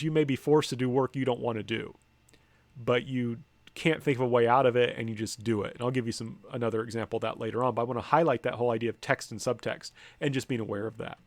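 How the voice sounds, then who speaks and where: A man lectures in a loose, conversational way, often pausing on ums and correcting himself mid-sentence. His voice sits at an ordinary middle pitch, with now and then a dry, wry aside. The recording is close and dry, with almost no room echo. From United States. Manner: conversational, hesitant, many ums and self-corrections. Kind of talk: university lecture on slides.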